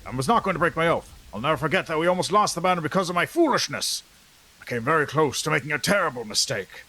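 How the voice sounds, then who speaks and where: A man's voice: on the high side, very animated, quick pace, fairly bright tone, slightly rough, exaggerated voice. A man voicing a weary, battle-worn male dwarf who guards a banner, reading game dialogue aloud in character in a solemn, loyal tone.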